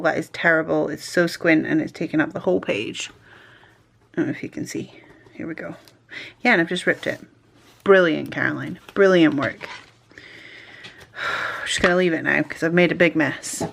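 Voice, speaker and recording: A woman talks through her crafting in a casual vlog, with a chatty, self-mocking manner. Her voice sits a little low and carries a gravelly fry. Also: a bit bright, slight background noise. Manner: chatty and self-deprecating, talking to herself as she works. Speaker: stationery vlogger. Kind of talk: casual chat while crafting.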